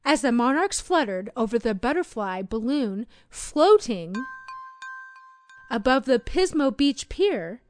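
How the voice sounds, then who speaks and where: Expressive high-voiced woman reading a storybook. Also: slow pace, no echo, soft background music. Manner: expressive, sing-song storytelling. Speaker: storybook narrator. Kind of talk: children's read-along narration.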